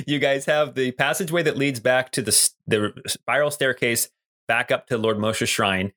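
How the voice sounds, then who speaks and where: A man narrating as game master of a tabletop role-playing game, relaxed, with frequent ums and restarts. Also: medium pitch, normal speed.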